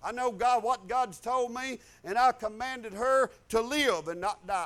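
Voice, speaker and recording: A man, a pastor telling a testimony in a conversation, folksy and animated, chuckling as he goes. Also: very high-pitched, measured pace, few pauses.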